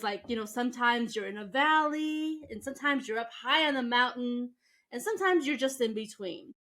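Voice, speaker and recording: A woman's voice: fairly high pitch, a bit bright, slight background noise, poor audio. Chatty, tired woman host. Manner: chatty, rambling, with fillers. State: tired, yawning. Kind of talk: casual interview.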